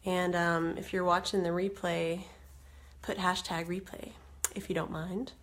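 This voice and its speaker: A woman's voice: lowish voice, level tone, unhurried, fairly bright tone. A woman in her thirties chatting casually on a live video, a bit congested from a cold, with many ums and asides to viewers. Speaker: direct sales consultant.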